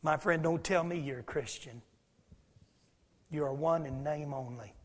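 A man preaching in a church sanctuary, his fairly high voice ringing with a long hall reverb. He swings from loud, pressing declarations to hushed, whispered passages, the way a pastor works a congregation. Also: measured pace. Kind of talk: sermon.

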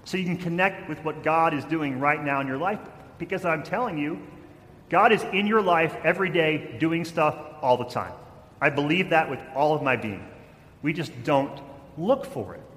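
A man giving a sermon as a pastor, telling stories with changing loudness and acted-out quotes. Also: on the high side, normal speed. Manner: storytelling with shifts in loudness, acting out quotes. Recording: echoey hall, faint noise.

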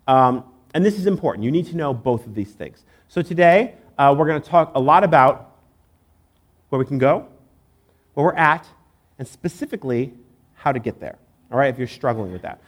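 A man's voice: mid-range voice, expressive, moderate pace, long pauses. A man giving a sermon in church, conversational and joking, with many fillers. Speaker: pastor.

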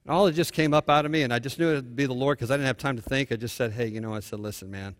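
A male pastor preaching a sermon, telling a story and moving between hushed and fervent delivery. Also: medium pitch, steady tone, very fast, in a large hall.

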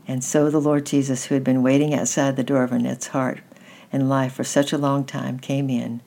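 A woman gently reading a children's story aloud at an unhurried pace. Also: rumbling low, flat delivery, gravelly.

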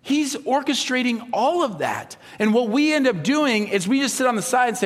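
A man preaching a sermon as a pastor, telling stories with animated delivery and acting out the voices of the people he quotes. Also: extremely high pitch, normal speed. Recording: long hall reverb.

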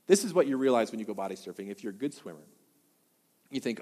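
A young man from Wisconsin preaches to his congregation, mixing scripture with animated personal stories and direct questions to the crowd. His voice sits at an ordinary male pitch. A long reverb from the church hall trails each phrase. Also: rapid-fire. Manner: animated storyteller, asks the audience questions. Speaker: pastor. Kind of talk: sermon.

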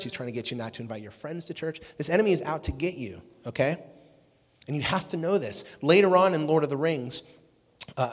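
A man preaching a youth sermon in a casual, animated storytelling way, often asking "right?" to keep the room with him. His voice sits at an ordinary middle pitch. It carries a long reverb from a church hall. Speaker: youth pastor.

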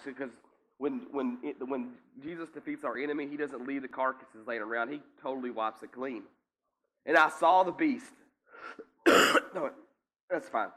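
A man preaching a teaching sermon in a conversational way, often checking in with listeners and now and then coughing or clearing his throat. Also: mid-range voice, moderate pace, bright, forceful tone. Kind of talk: sermon teaching with scripture reading.

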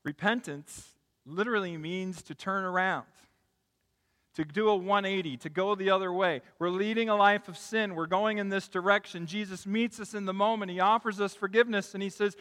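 A man preaching a sermon in a large hall, telling stories with emphatic swells and quiet drops. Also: high-pitched, normal speed. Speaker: pastor. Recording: long hall reverb.

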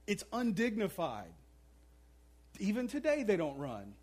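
A man's voice: high voice, very animated, a little slow, darkish tone. A man preaching a sermon, telling a story with playful asides and acting out the characters' voices. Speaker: pastor.

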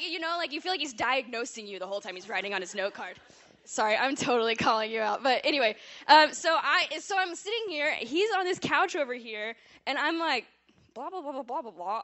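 A woman giving a personal testimony to a church congregation, telling her story in a chatty, animated, self-deprecating way and saying she yells when she talks. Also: on the high side.

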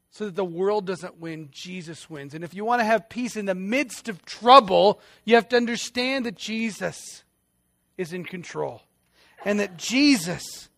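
A man's voice: high-pitched, fairly bright tone, no room sound, studio quality. A pastor preaching a sermon in an earnest, emphatic way, repeating phrases and restarting his sentences.

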